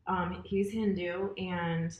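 A woman's voice: on the low side, little pitch movement, slow pace, lo-fi sound. A middle-aged woman telling personal stories in a casual chat. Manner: storytelling, chatty with laughs. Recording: echoey room.

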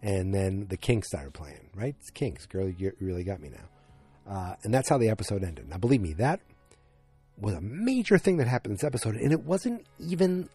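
Recapping a TV episode on his podcast, a man goes back over the scenes in a casual, meandering way packed with fillers, very animated and at a moderate pace. His voice is somewhat low, mellow, and a little husky. Quiet music sits underneath, with no echo.

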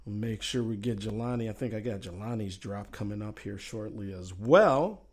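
A man's voice: lowish voice, normal speed, heavy background noise. A man with a Southern accent hosting a casual sports talk show, musing aloud and reading chat messages in a folksy, drawling way.

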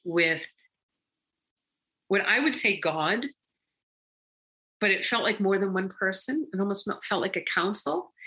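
A woman guest recounting a personal experience in conversation, animated and rambling with frequent restarts. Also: lowish voice, low-quality recording.

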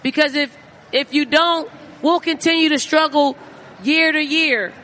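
A woman's voice: high voice, fairly even intonation, unhurried, pushed and bright. A woman guest on a live podcast, speaking earnestly and with emphasis. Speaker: guest, former basketball player.

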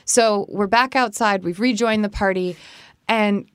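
Animated woman telling a story, dry sound. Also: a little slow, clean tone, no echo. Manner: animated, acts out quoted speech in a higher voice. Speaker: podcast co-host giving etiquette advice. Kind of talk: casual storytelling chat.

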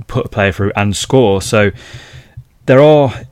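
A man's voice: lowish voice, unhurried, darkish tone, clean tone, dry recording, clean studio sound. A man chatting casually as a football pundit on a podcast, talking conversationally with frequent fillers and restarts.

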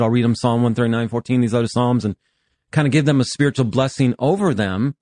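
Man in his fifties, pastor and therapist, earnest and animated, mid-range voice, dry close sound. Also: medium pitch, quick pace, dry recording. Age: 50s. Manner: earnest, animated, laughs while talking. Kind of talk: podcast conversation.

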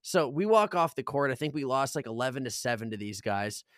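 A young man co-hosting a podcast, telling stories in a casual chat, animated and laughing, swearing and acting out quotes. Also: mid-range voice, a little fast, no room sound, studio quality. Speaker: podcast co-host.

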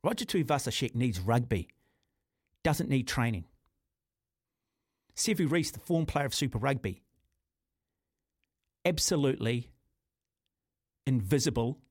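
A man with a medium-pitched voice and a New Zealand accent hosts opinionated talkback radio from a studio, with studio-quality sound and no echo. He's blunt and argumentative, often calling his caller "mate."

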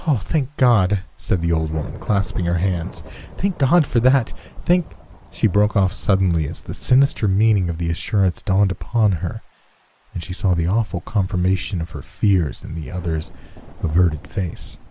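A man narrating a horror story in a slow, somber storytelling manner. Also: sits low, steady tone, dark tone, slight background noise. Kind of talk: scripted horror story reading.

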